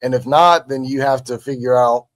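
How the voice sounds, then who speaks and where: A man's voice: medium pitch, dry recording. A man, casually analyzing football with lots of restarts and fillers. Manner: halting, many restarts and fillers. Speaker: sports analyst. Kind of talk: casual sports talk.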